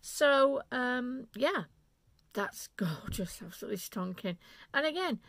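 Woman, knitting vlogger, bubbly and rambling, slightly high, gravelly, dry close sound. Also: lively intonation, unhurried, a bit bright, dry recording. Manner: enthusiastic, rambling, self-interrupting. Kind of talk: unscripted chatty yarn haul.

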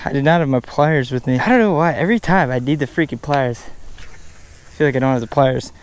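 A man casually talking through a fishing vlog outdoors at a pond, bursting into excited exclamations. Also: mid-range voice, brisk, clear, resonant tone. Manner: excitable, bursts into loud exclamations over catches. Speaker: fishing vlogger.

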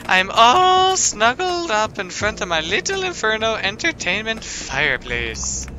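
A man's voice: sits high, bright, forceful tone, exaggerated voice. A man reading aloud in-game letters from a sweet, friendly girl pen pal, in a sing-song way.

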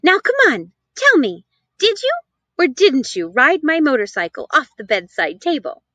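A woman's voice: high-pitched, wildly swooping pitch, normal speed, bright, forceful tone, dry recording, pitched above the performer's own voice, full character voice. A woman voicing a curious, friendly young boy in a storybook reading. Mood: coaxing. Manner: eager, coaxing.

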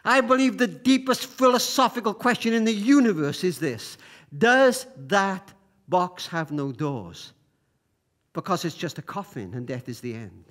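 A man telling a story to an audience, speaking in a halting way with many repeated words. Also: high-pitched, very animated, a bit bright.

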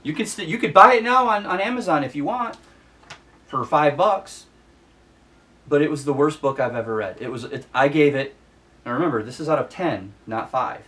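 A man's voice: on the high side, lively intonation, normal speed, a bit bright, distant mic. A man hosting a casual book review vlog, ranting with exasperation and repeating himself for emphasis. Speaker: book vlogger.

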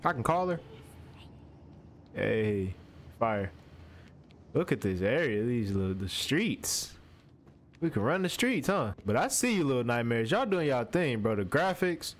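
A man's voice: mid-range voice, a little slow, long pauses, a little hiss or hum. A young man, commentating a horror game playthrough as he talks to the character on screen. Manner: animated and jumpy, talking to the game character, slangy. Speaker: gaming streamer.

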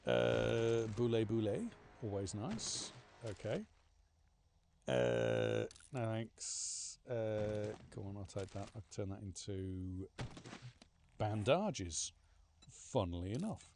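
A man's voice: fairly low pitch, big pitch swings, slow, creaky, a little mellow, slight background noise. A man commentating a game he plays, chatting sarcastically to the characters on screen. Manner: chatty, sarcastic, talks to game characters, mock-panicked outbursts. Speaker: gaming streamer. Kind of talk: casual let's-play commentary.

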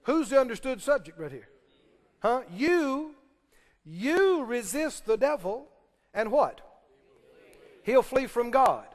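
A man's voice: extremely high pitch, big pitch swings, slow pace, long pauses, in a large hall. A man preaching a sermon, emphatic and firing questions at the congregation. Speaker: pastor.

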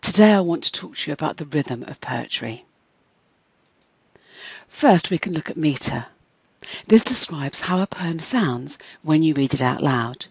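A literature lecturer giving a scripted lesson in a clear, measured teaching tone. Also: medium pitch, lively intonation, no room sound, low-quality recording. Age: adult. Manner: clear, measured teaching tone, slowing to stress each beat when demonstrating rhythm.

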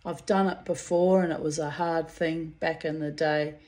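A woman's voice: deep voice, fairly even intonation, moderate pace, a little mellow. A middle-aged woman giving a casual personal oracle reading, rambling and heartfelt, calling her listeners darlings and babies. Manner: rambling and heartfelt, repeats words. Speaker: oracle card reader.

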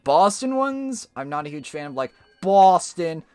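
An American man streaming a racing game, chatting in a rambling, animated way with frequent restarts. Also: on the high side, moderate pace, no echo, soft background music. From United States. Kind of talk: casual gaming chat.

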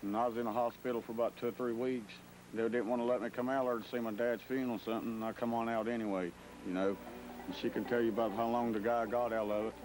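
A man's voice: mid-range voice, steady tone, fast talker, darkish tone, low-quality recording. A man with an Appalachian accent giving a plain, matter-of-fact account. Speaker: interviewee. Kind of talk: plain first-person account.

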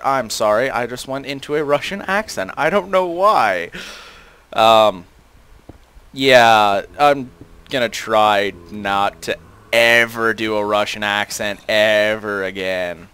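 A man's voice: mid-range voice, expressive, normal speed, pushed and bright, clean tone. A teenage boy casually commentating a video game, rambling with many fillers and self-deprecating asides. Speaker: gaming channel host.

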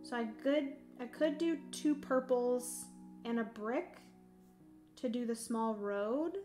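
Playing a solo board game on her livestream, this young adult woman chats casually, reads out viewer comments, and walks through the rules with frequent ums. She speaks slowly in a mellow voice that sits on the high side, over faint background music.

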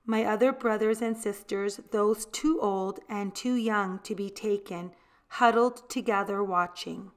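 A woman reading a picture book aloud, gentle storytelling that gives voice to the characters. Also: mid-range voice, fairly even intonation, a little slow. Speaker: storybook reader.

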